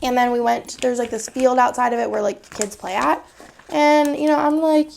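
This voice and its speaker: Woman vlogger, thirties, rambling storytime chat, bright-ish pitch with gravelly fry. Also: fairly even intonation, moderate pace. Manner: chatty, rambling, many fillers. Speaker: planner vlogger.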